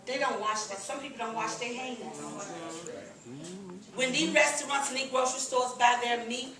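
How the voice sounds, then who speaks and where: A middle-aged woman giving a lively, laughing, folksy testimonial to a live audience at a business meeting. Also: on the high side, normal speed. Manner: lively, laughing, folksy, addresses crowd as "y'all". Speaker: sales presenter at a business meeting. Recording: echoey room, recorded from a distance.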